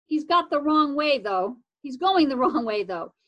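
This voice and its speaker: A woman voicing a relaxed, amused father in a children's story. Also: high-pitched, a little slow, dull audio. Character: easygoing chuckling dad on the couch.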